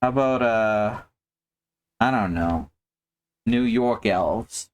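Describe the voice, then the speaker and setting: Slow, low-voiced man chatting while painting. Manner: rambling, joking, thinking aloud. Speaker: live-stream host. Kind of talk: casual live-stream chat while painting.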